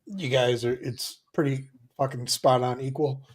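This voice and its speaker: A man's voice: medium pitch, fairly even intonation, unhurried, a crowd in the background. A man throwing crude wisecracks into a casual livestream chat.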